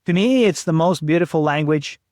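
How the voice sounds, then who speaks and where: A man's voice: fairly high pitch, lively intonation, fairly quick, darkish tone, no room sound, clean studio sound. A man hosting a podcast, telling travel stories in a laid-back casual way, swearing and saying "dude.". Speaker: podcast host. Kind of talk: casual storytelling chat.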